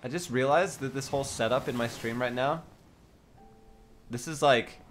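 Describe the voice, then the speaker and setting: A man's voice: medium pitch, normal speed, faint music behind. A man with an Australian accent hosting a casual livestream chat with viewers, playful, giggly and teasing. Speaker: livestream host.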